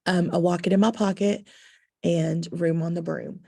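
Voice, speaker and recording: A woman's voice: fairly low pitch, steady tone, moderate pace, gravelly, warm tone. A woman teacher explaining to parents, patient and instructive, with frequent ums. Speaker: second-grade teacher.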